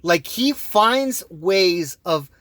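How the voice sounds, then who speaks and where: A young man co-hosting a casual soccer podcast, gushing and excitable with drawn-out exclamations. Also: high voice, no room sound. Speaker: co-host. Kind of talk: casual sports podcast chat.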